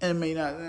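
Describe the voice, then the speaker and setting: A man's voice: medium pitch, slight background noise. A man hosting his own podcast, telling a loose, rambling story full of slang and restarts. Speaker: podcast host. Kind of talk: rambling casual monologue. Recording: roomy echoey room.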